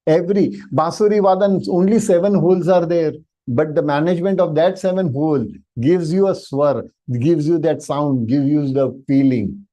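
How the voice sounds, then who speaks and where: A man with an Indian English accent teaching an online language workshop, stretching out vowel sounds to demonstrate them and often pausing on "uh". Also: fairly high pitch, mellow. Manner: demonstrative, drawn-out vowel sounds, frequent "uh" fillers. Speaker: Sanskrit teacher. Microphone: video call microphone.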